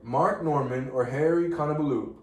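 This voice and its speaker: A man's voice: a little high, moderate pace, darkish tone. A man co-hosting a comedy podcast, arguing insistently in casual banter. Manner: insistent and argumentative. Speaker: podcast co-host. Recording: roomy, distant mic, faint noise.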